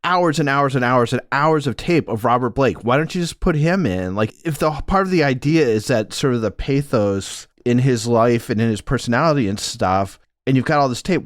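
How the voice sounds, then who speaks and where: A man's voice: medium pitch, no echo, studio quality. A man co-hosting a podcast, thinking aloud in a rambling, reflective way. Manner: thoughtful, rambling, many "like"s. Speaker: podcast co-host. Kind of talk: casual review chat.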